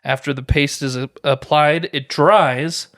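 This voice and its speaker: Slow, explaining man, slightly high voice. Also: steady tone, a bit bright, no echo, studio quality. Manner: explanatory, reads from notes, laughs easily. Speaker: podcast co-host presenting research. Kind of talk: casual podcast chat.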